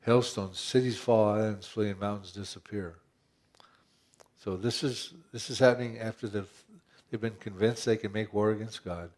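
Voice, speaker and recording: A man's voice: fairly low pitch, steady tone, moderate pace, darkish tone. A man pastor preaching a conversational sermon, asking rhetorical questions and often restarting his phrases.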